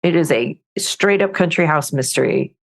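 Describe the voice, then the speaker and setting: A woman author, a podcast interview guest, telling lively anecdotes and often restarting her sentences. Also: low-pitched, normal speed, creaky.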